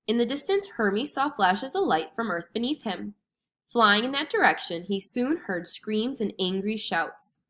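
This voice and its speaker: A woman reading a storybook lesson aloud to children with expressive, clear storytelling. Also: mid-range voice, a little slow. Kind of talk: storybook read-aloud narration.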